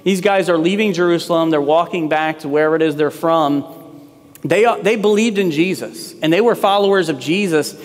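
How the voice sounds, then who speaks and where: A man's voice: fairly high pitch, brisk, long reverb tail. A man preaching a sermon as pastor, in a conversational way that acts out quoted lines.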